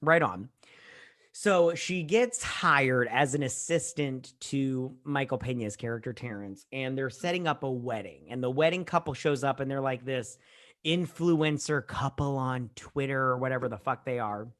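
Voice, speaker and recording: A woman co-hosting a casual, drunk movie-review podcast, retelling scenes in a profane, animated way with acted-out asides. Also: rumbling low, normal speed. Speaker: podcast co-host.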